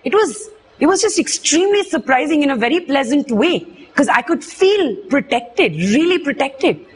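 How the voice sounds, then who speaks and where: Brief: young woman, earnest emotional testimony, higher pitch, faint hum behind. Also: big pitch swings. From India. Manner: earnest, emotional, halting retelling. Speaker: witness giving testimony. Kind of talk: personal testimony.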